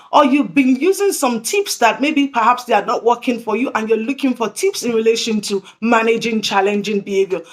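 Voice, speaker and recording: A woman's voice: fairly high pitch, a bit bright. A woman presenting tips to early childhood educators, earnest and repeating her key points. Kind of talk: instructional talk to camera.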